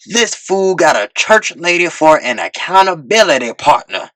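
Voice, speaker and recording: A man voicing a smooth, calm older man who chairs a room of hustlers. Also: fairly high pitch, dry recording, pitched above the performer's own voice. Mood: commanding. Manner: smooth, unhurried and commanding.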